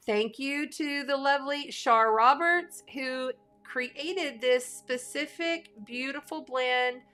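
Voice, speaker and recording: Woman, astrology host, excitable casual chatter, bright tone. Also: a little high. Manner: gushing, bubbly, excitable. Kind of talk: casual livestream giveaway chat.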